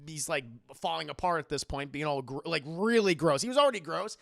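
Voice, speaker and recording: A man's voice: fairly high pitch, brisk, creaky. A man casually recapping a movie to his live chat, sarcastic and profane. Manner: sarcastic, profane, lively storytelling. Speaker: movie reviewer, streamer. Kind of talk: casual spoiler review chatting to a live chat.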